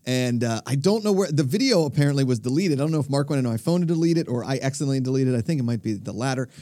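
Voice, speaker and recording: A man's voice: mid-range voice, expressive, rapid-fire, mellow, no room sound. Joking male co-host, dry close sound. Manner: jokey, breaks into sung and mock voices. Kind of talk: casual banter.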